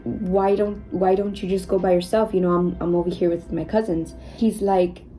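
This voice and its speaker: Young woman vlogger telling stories while doing makeup, warm mellow tone, faint music behind. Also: on the low side, fairly even intonation, moderate pace, poor audio. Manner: chatty, says "you guys" and "like" a lot. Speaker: beauty vlogger.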